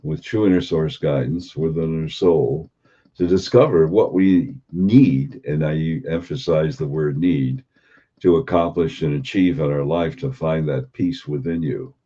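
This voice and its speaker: A man giving an unhurried spiritual talk as a teacher, posing and repeating rhetorical questions. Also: rumbling low, steady tone, mellow. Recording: dull lo-fi recording.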